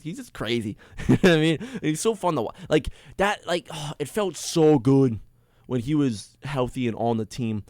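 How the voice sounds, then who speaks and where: A man hosting a sports podcast, ranting alone in an excitable, rambling way with many restarts. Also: medium pitch, no room sound, clean studio sound. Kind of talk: casual solo sports rant.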